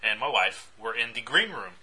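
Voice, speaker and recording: A man's voice: lowish voice, moderate pace, breathy edge. A man co-hosting a podcast, telling a story in casual chat and acting out the quotes. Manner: animated storyteller, acts out quotes.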